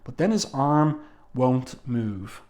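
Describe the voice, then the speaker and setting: A man's voice: mid-range voice, lively intonation, slow pace, darkish tone. Man casually walking through a comic. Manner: walks through panels, reads dialogue aloud, frequent ums. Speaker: comic book reviewer. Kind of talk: casual review narration.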